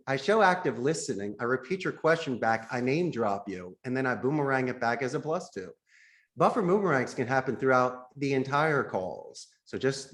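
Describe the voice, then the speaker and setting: A man's voice: mid-range voice, a bit bright. A man who founded a call center, a podcast guest explaining phone sales techniques and acting out sample calls as he goes.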